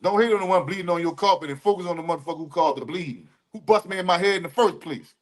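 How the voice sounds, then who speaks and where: A man co-hosting a casual livestream podcast, talking in loose street slang with drawn-out emphatic asides. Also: high voice. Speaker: podcast co-host.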